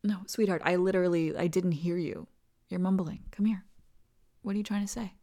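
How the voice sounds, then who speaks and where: A woman in a whispered role-play as a doting partner, talking softly and tenderly and often dropping into whispers. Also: on the low side, fairly quick. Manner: soft, tender, soothing, slips into whispers. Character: doting, reassuring partner comforting the listener.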